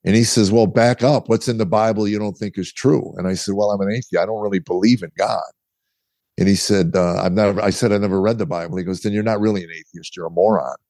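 A man's voice: lowish voice, steady tone, fast talker, darkish tone, no room sound. A middle-aged man, a guest author, telling his story candidly in conversation and acting out the dialogue he quotes. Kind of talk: interview storytelling.

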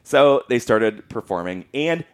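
A man tells a story in casual conversation, animated and laughing often as he acts out what people said. His voice is medium in pitch, clear and resonant, and he speaks a little slowly.

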